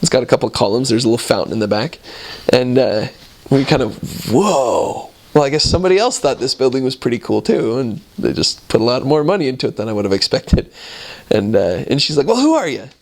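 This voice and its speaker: Animated man telling a story. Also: medium pitch, brisk, low-quality recording. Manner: animated, laughs often, acts out quotes. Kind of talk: casual storytelling.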